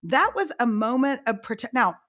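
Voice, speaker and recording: Animated woman telling stories. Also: fairly high pitch, normal speed. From Texas. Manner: animated storyteller acting out quotes. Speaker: author and guest. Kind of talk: storytelling interview.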